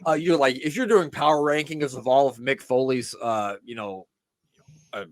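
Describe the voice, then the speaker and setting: A man hosting a casual wrestling podcast, relaxed and rambling with frequent laughs. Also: medium pitch, normal speed, no room sound. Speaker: podcast host.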